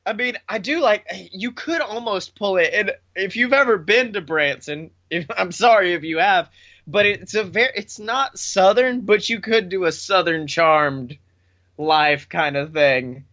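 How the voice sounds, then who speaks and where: A man co-hosting a casual comedic podcast chat, laughing often and riffing quickly on silly ideas. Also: high voice, sharp tone, muffled recording. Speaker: podcast co-host.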